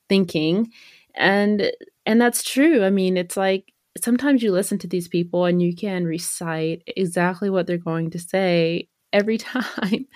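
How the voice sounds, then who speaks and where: A woman's voice: lowish voice, a little mellow, no echo, clean studio sound. A woman hosting a podcast interview, reflecting on and affirming her guest's points. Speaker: podcast host.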